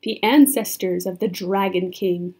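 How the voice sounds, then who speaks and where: A woman's voice: medium pitch, steady tone, measured pace, a little mellow, breathy edge, pitched below the performer's own voice. A woman voicing a grave, kindly male scholar in a storybook read-aloud, explaining patiently.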